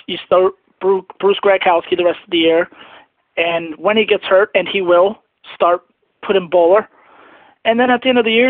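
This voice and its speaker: Twenty-something guy ranting on a phone message, high voice, pissed off, tinny and dry. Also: no echo. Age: 20s. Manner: angry, disgusted fan venting. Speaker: caller. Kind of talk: voicemail rant.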